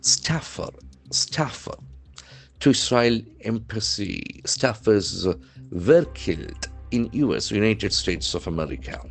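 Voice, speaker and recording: His voice is lowish, gravelly and expressive with a breathy edge, and he speaks a little slowly over soft background music. The man, an English trainer with an Indian English accent, teaches news vocabulary by spelling words letter by letter and repeating each with heavy stress.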